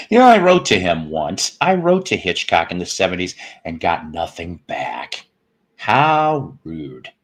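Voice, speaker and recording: Man, 50s, low voice, lively ups and downs, casual home live stream, punning, swearing, chatty host. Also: unhurried, breathy edge. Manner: joking, punning, profane asides. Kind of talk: casual live-stream chat reading comments.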